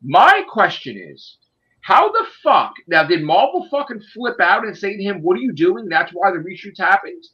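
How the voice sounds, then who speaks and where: A man's voice: high-pitched, big pitch swings, moderate pace, sharp tone. A man casually discussing a movie on a podcast in a ranting, profane and emphatic way. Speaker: podcast host. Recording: dull lo-fi sound.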